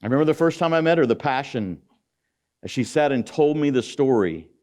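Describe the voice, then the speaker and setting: A man's voice: mid-range voice, expressive, fairly quick, a little mellow. A middle-aged man giving a motivational speech in an auditorium, preaching and calling out to the audience with rhetorical questions. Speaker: guest speaker.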